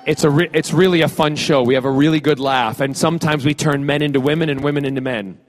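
A man from Scotland, a celebrity guest fielding audience questions at a fan panel, playful and joking with halting fillers and restarts. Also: fairly high pitch, steady tone. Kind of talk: casual audience Q&A.

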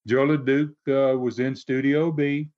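A man's voice: medium pitch, level tone, unhurried. A man casually recounting stories, rambling and dropping "man" and "uh" between phrases. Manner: rambling, peppers lines with 'man' and 'uh'. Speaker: storyteller recounting wrestling TV. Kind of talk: casual storytelling chat. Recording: dull lo-fi audio.

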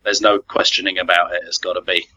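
A young man with an English accent, a consultant guest on a podcast, talking casually with hesitant fillers and quick laughs. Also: low-pitched, flat delivery, pushed and bright. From England. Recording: dull lo-fi sound.

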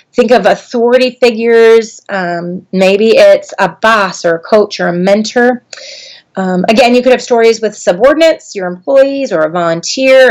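A middle-aged woman trainer giving a talk on storytelling, conversational with frequent ums and getting animated as she tells a childhood story. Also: medium pitch. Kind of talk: instructional talk with personal story.

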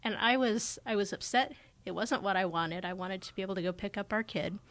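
A woman's voice: mid-range voice, brisk, fairly bright tone. Woman, forties, podcast host; conversational, reflective delivery. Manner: conversational and thoughtful, often acting out quoted remarks. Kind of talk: casual reflective podcast talk.

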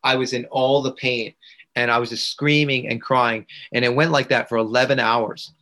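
A man's voice: mid-range voice, fairly even intonation, normal speed, pushed and bright. A man being interviewed on a podcast, telling a personal story in an earnest way and repeating phrases for emphasis. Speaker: podcast guest, integration coach.

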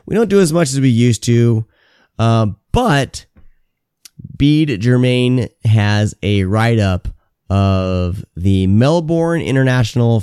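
Male podcast host, smooth and clear tone, dry close sound, joking and loose with plenty of fillers. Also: medium pitch, warm tone, dry recording. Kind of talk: casual chat.

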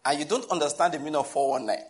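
A Nigerian pastor preaching a sermon in a conversational, humorous way, often asking the listeners questions. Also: male voice, on the high side, rapid-fire.

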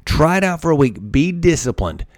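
A man's voice: on the high side, big pitch swings, normal speed, dry recording, clean studio sound. A man hosting a podcast, talking energetically about discipline and repeating his key points for emphasis. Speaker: podcast host. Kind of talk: motivational podcast monologue.

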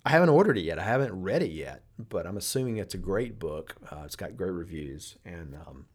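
Husky and low, the voice of this middle-aged man swings widely in pitch as he talks briskly. Hosting a business podcast, he tells stories in a casual, conversational monologue and often restarts mid-thought.

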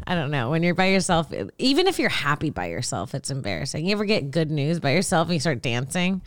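A woman's voice: low voice, big pitch swings, fairly quick, dry recording, studio quality. A young woman co-hosting a casual chat podcast, crude and teasing.

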